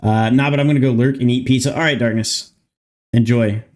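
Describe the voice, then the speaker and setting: A man's voice: mid-range voice, steady tone, fairly quick, a little mellow. A man streaming live, thinking aloud and muttering as he codes, chatting casually and swearing now and then. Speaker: streamer coding a game mod. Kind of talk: casual livestream chat while coding.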